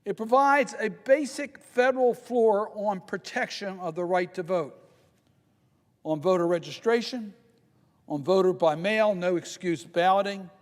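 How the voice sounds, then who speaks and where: An older man delivers a formal floor speech in a measured, emphatic way, leaning hard on key phrases. His voice sits high for a man, and long reverb from a large legislative chamber trails every line. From Maryland, United States. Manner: measured and emphatic, slowing to stress key points. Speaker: senator.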